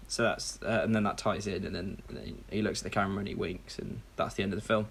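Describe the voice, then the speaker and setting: A man co-hosting a comedy podcast, rambling enthusiastically through a movie pitch and checking in with "okay?". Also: fairly even intonation, fast, creaky, hardly any pauses, slightly rough. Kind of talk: casual comedic chat.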